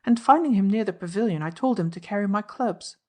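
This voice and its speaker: A woman's voice: mid-range voice, expressive, brisk, a little mellow, pitched above the performer's own voice, close to an everyday voice. A woman voicing a fearless, mischievous young woman in an audiobook reading, speaking with a teasing, scornful tone.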